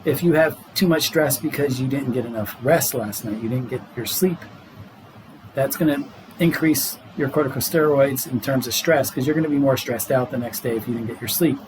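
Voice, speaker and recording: A man's voice: medium pitch, moderate pace, background noise. A middle-aged man, a doctor guest on a podcast, explaining health matters in an earnest, casual way and laughing easily.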